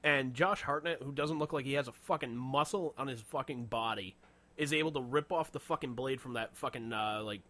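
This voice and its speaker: A man's voice: mid-range voice, fairly quick, bright, forceful tone. A man co-hosting a casual podcast chat, rambling, swearing a lot and laughing often. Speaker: podcast co-host.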